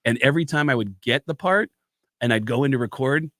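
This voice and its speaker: A man's voice: medium pitch, brisk, no echo, studio quality. A man, a stand-up comedian, telling stories on a talk show in casual chat and acting out the lines of the people he quotes. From United States. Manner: animated storyteller who acts out quotes. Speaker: guest, stand-up comedian and impressionist.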